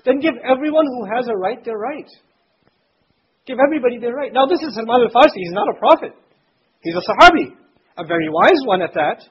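A man's voice: extremely high pitch, lively intonation, fairly quick. A man giving a conversational religious lecture to students, explaining scripture terms in plain everyday speech. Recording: dull lo-fi recording with faint noise.

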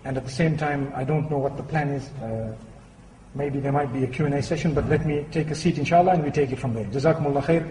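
A man's voice: medium pitch, fast, background noise. A man giving an Islamic talk, telling a story with humor and acting out voices. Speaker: Islamic speaker. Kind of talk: sermon with anecdote. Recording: echoey hall with reverb.

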